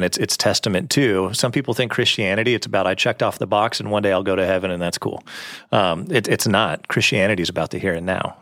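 A man's voice: sits low, a bit bright, no echo, studio quality. A man co-hosting a faith talk, speaking earnestly and reflectively with many ums. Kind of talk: casual conversational preaching.

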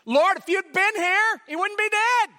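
A man's voice: extremely high pitch, fast, in a large hall, pitched above the performer's own voice. A man voicing a harried, exasperated woman who scolds indignantly while hosting guests. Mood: scolding.

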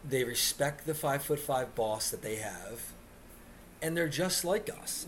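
Male podcast host on a comic rant, animated delivery with mocking impressions, faint noise behind. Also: medium pitch, moderate pace. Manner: animated, mocking put-on voices when quoting others. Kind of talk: comedic rant. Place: Miami area.

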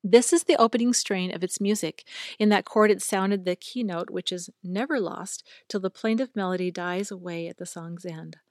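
A woman reading a book aloud in a calm, measured and reverent way. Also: medium pitch, no room sound, studio quality. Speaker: reader.

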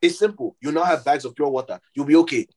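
A man's voice: fairly high pitch, quick pace, darkish tone. A man with a Nigerian accent, co-hosting a casual podcast chat, speaking with passion and repeating points for emphasis. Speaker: podcast co-host.

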